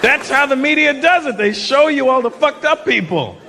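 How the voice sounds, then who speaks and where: A man performing a stand-up comedy set on stage, switching into shouted put-on voices for punchlines. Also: extremely high pitch, lively intonation, moderate pace, vocal fry. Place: large comedy venue with a laughing audience. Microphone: handheld stage mic. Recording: live stage recording with crowd noise.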